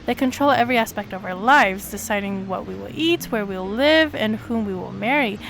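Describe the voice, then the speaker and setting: A woman streamer reading a visual novel aloud, with sudden excited leaps in her voice. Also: a little fast, creaky, slight background noise. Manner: animated reading with sudden high excited jumps.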